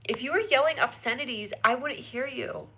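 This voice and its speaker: A woman hosts a casual live stream from her phone camera, bubbly and giggly as she chats with viewers and reads their comments out loud. Her voice is high and a little bright with a slight roughness, at a normal speed.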